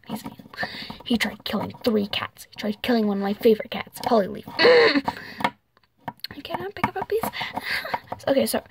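A woman's voice: medium pitch, a little hiss or hum. A young woman hosting a casual home vlog, talking in a rambling way with fillers, trailing off and small giggles. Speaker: channel host.

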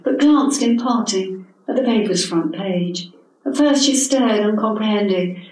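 Older woman reading aloud in an echoey hall. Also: mid-range voice. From England. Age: 70s. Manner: measured, expressive storytelling. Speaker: author reading her own story. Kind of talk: literary reading. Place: literary event hall. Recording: echoey hall from a distant mic.

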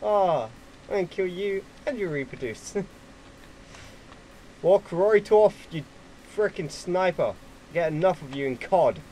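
A man giving casual gameplay commentary at his computer, excitable and quick to swear at opponents. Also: a little high, a little hiss or hum, rough recording. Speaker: gaming YouTuber.

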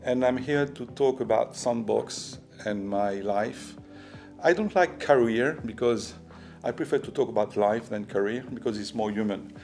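An older man with a French accent, a business executive telling his story to camera in halting speech full of restarts. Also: mid-range voice, a little mellow, soft background music. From France. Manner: halting, with many restarts and fillers. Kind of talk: personal talk to camera.

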